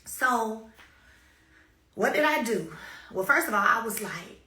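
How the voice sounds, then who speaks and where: A woman's voice: on the high side, expressive, slow pace, pauses often, sharp tone, roomy sound. A woman shares a personal story with her followers in an emphatic, repetitive way, with sudden bursts of energy. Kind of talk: casual spoken testimony to followers.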